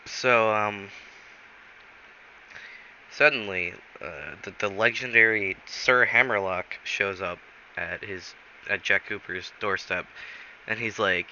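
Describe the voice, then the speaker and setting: A man telling an improvised story in a rambling, halting way, in a dull lo-fi recording. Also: fairly low pitch, pushed and bright, a little hiss or hum. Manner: rambling, halting, many fillers.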